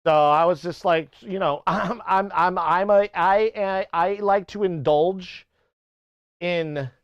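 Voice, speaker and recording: A man rambles through a live stream in a loose, profane way, often cutting himself off and trying out silly accents. His voice sits a little high and comes across smooth. The mic is close and dry with a slightly muffled top end. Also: takes it slowly, dry recording. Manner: rambling, swearing, self-interrupting; playful mock accents for chat. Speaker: music streamer. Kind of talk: casual live-stream chat.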